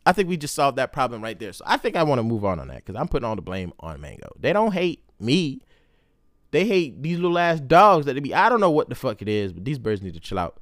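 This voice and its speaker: Animated slangy young man telling stories. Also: medium pitch, fast, no room sound, studio quality. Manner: slangy, profane, animated storytelling. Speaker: podcast host. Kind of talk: casual solo podcast storytelling.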